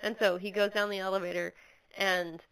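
Chatty woman cohost w a bright sharp voice, retelling a show and doing little voices. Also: mid-range voice, fairly quick, smooth, poor audio. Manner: animated, acts out characters in quoted voices. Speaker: podcast co-host. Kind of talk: casual chat recapping an anime episode.

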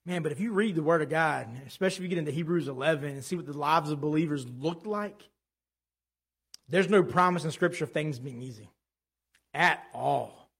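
A man in his thirties preaching a sermon in a conversational, animated way, telling stories from home. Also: fairly high pitch, fairly quick, husky. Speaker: pastor.

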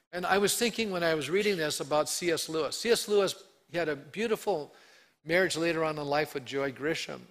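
A man preaching a sermon with a fairly high voice. He talks to the congregation in a conversational way and slips into the quoted voices with lively changes. He comes across as an engaged pastor in full flow.

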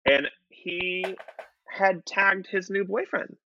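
Guy telling a wild story on a podcast, sharp bright voice, kinda dull dry recording. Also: sits high, takes it slowly, soft background music. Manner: animated, profane storytelling. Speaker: podcast guest. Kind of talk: casual storytelling chat.

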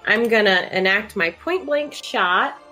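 Bright-voiced woman player, blunt and excitable. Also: medium pitch, a little slow, faint music behind. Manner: blunt, excitable, swears freely. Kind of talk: casual tabletop play.

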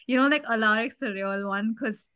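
A woman's voice: a little high, normal speed, bright, forceful tone, clean tone, dry recording. Thoughtful woman podcast co-host. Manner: thoughtful, with many "like" and "you know" fillers. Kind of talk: casual analytical chat.

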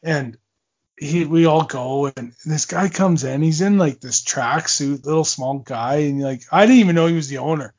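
A man's voice: on the high side, normal speed, a little mellow, lo-fi sound. A man in his forties, a former hockey player, telling long stories in a casual interview, rambling with fillers, restarts and laughs.

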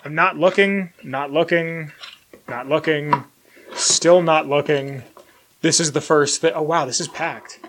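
A young man talking on a slightly high voice, rambling through an unboxing at home. He wanders off on tangents, jokes at his own expense, and now and then jumps sharply up in pitch when something excites him. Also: measured pace, slight background noise. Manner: rambling, self-deprecating, bursts of loud excitement. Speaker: collector unboxing merchandise. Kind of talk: casual unboxing vlog. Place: home room with collectibles shelf.

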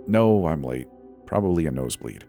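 A man's voice: very deep voice, big pitch swings, normal speed, mellow, soft background music. A man voicing the nervous, stammering inner thoughts of an anxious young graduate. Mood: fretful.

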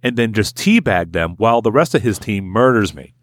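Low-voiced man ranting casually. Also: brisk, dry recording, clean studio sound. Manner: profane, animated ranting with laughs. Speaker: podcast co-host. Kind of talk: casual chat.

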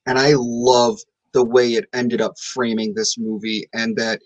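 A man's voice: medium pitch, flat delivery, a little slow, dry recording, poor audio. Blunt opinionated podcast co-host man. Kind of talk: casual podcast chat.

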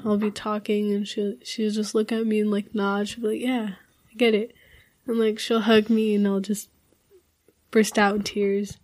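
A woman's voice: medium pitch, monotone, moderate pace, darkish tone. A young woman chatting casually in a group. She rambles through personal stories with lots of fillers. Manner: rambling, many fillers, laughs often. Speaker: group chat participant.

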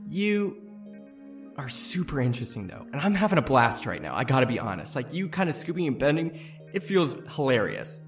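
A man's voice: medium pitch, sing-song, brisk, faint music behind. A man voicing a sly, bored male beast in a tabletop game, coaxing and playful with a folksy manner.

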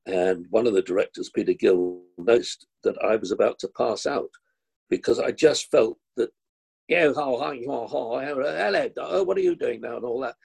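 Older male actor guest, husky gravelly voice, low-set, self-deprecating anecdotal storyteller. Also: mellow, rough recording. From London, England. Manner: rambling, self-deprecating storyteller with short laughs. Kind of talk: relaxed anecdotal conversation.

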